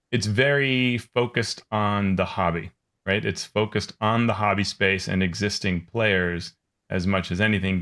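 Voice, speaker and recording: A man's voice: deep voice, fairly bright tone. A man co-hosting a tabletop gaming podcast, talking casually and wryly with frequent fillers. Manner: wry, thinking aloud with fillers. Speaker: podcast co-host.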